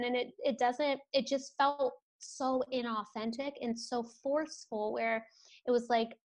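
A woman guest in an interview, talking about business in a relaxed, rambling way with many fillers. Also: fairly high pitch, normal speed. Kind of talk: casual interview chat.

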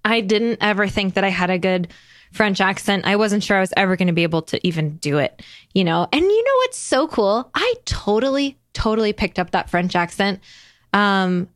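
A woman's voice: mid-range voice, brisk, no room sound. Chatty woman podcast host, dry sound. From United States. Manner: chatty, animated, laughs often, many fillers. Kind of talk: casual conversation.

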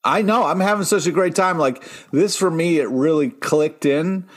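A man co-hosting a podcast in casual chat, enthusiastic but halting, often repeating words. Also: fairly high pitch. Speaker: podcast co-host.

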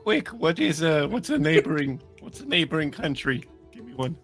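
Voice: mid-range voice, sing-song, soft background music. A player at a tabletop game table, joking and laughing often while planning with friends. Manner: playful, laughing, quick to joke. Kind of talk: casual game table chat.

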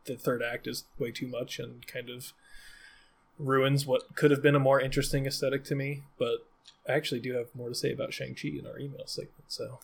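A man's voice: mid-range voice, a little fast, vocal fry, breathy edge. Laid-back man chatting about a film. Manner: relaxed, laughs often, many restarts. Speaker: podcast co-host. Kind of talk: casual film review chat.

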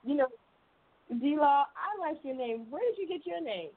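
A woman's voice: high-pitched, animated, moderate pace. A woman hosting a casual radio show, effusive and encouraging, laughing often as she chats with callers. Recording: tinny phone-like line.

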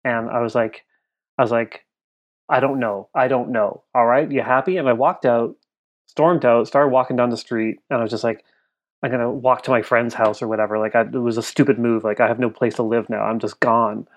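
A man's voice: mid-range voice, steady tone, brisk. A man in his thirties on a podcast, telling a personal family story in a rambling, emotional way, full of "like". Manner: rambling, heavy use of "like", emotional. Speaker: podcast co-host. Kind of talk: casual storytelling chat.

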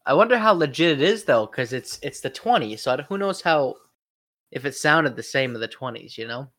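A man chatting casually as a tabletop game player, relaxed and laughing often. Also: medium pitch, a little fast. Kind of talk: casual chat.

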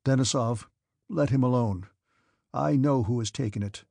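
A man playing a proud young cadet in an audiobook, earnest and strained, pitched above his own voice. The tone is gravelly and husky in a dry room. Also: normal speed, dark tone, no echo.

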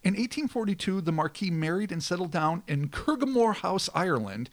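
A man's voice: sits high, very animated, a little fast. Man reading spooky history aloud. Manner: dramatic narration with swearing banter. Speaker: podcast host reading history. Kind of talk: reading a scripted history segment.

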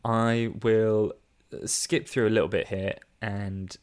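A man's voice: lowish voice, flat delivery, slow pace, a little mellow, clear, resonant tone. Laughing man reviewing films. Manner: reads reviews aloud with mock emphasis, laughs often. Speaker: podcast co-host. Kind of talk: casual film review chat.

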